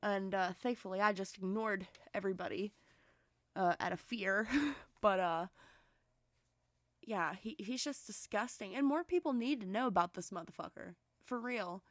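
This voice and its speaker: A woman's voice: medium pitch, normal speed, no echo, clean studio sound. A young woman ranting angrily in a vlog commentary, cursing heavily and restarting her sentences. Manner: heated profane rant with frequent restarts. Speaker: commentary vlogger.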